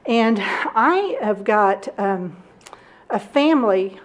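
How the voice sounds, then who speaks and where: A woman in her thirties giving a candid personal testimony at a recovery meeting, self-deprecating and quick to laugh. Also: mid-range voice, lively intonation.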